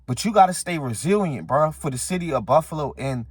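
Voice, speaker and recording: A sports commentary channel host rants casually and heatedly straight at his viewers, hammering the same points again and again. His voice is fairly high, expressive and husky, a little fast, with no echo.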